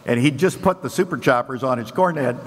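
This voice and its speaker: A man moderating a conference panel and telling stories in an animated way, his pitch jumping up and down. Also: fairly quick, breathy edge. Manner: animated storyteller, pitch jumps up and down. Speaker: panel moderator and farm researcher. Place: conference session hall. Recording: long hall reverb.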